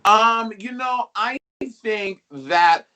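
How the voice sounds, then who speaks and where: A man chatting as a guest, animated and gossipy, laughing often. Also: sits high, extremely slow, highs cut off. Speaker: guest, drag performer. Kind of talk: casual chat.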